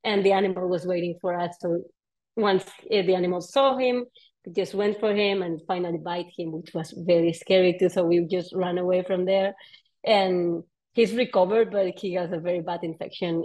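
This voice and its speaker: A woman underwater photographer shares dive stories at a presentation, speaking casually and animatedly. She laughs often and acts out the people in her stories. Her voice sits at an ordinary middle pitch. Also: a little mellow, poor audio. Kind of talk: casual storytelling talk.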